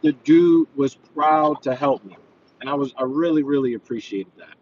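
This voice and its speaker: A man's voice: medium pitch, normal speed, a little mellow, dull audio, slight background noise. A man who works as a personal trainer, chatting casually while he drives, earnest and rambling with lots of fillers. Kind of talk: casual driving vlog, talking while he drives. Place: inside a car.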